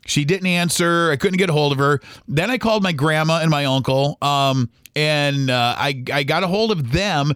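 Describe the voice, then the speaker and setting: A middle-aged man, a podcast host and former radio DJ, telling a story in a halting, rambling way with many restarts. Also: fairly high pitch, a bit bright, clear, resonant tone, no room sound, clean studio sound. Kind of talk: casual storytelling monologue.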